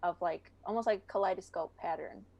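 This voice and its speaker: A woman's voice: on the low side, a little fast, gravelly, a little mellow, highs cut off. Chatty young woman podcast guest. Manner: chatty, laughs often, many fillers. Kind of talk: casual chat.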